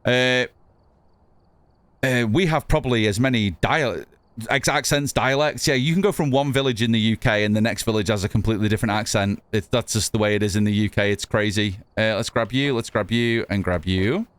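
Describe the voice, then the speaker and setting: A streamer from the north of England, with a mixed northern English accent, narrates his gameplay and chats casually with viewers, reading chat aloud and swearing casually. His lowish voice is brisk and fairly bright. The sound is clean, with no room sound.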